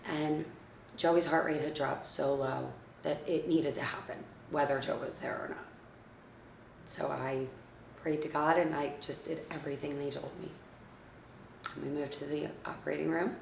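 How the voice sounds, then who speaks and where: Woman, 30s, low gravelly voice, emotional personal story with acted-out quotes, roomy distant mic. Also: steady tone, moderate pace, slight background noise. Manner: acts out others' words, often drops to a hushed near-whisper. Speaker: interviewee, mother of premature twins.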